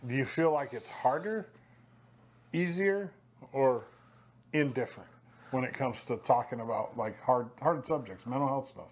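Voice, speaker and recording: A man's voice: medium pitch, moderate pace, pauses often. A man interviewing a coach in a casual way, asking questions and adding short encouraging replies.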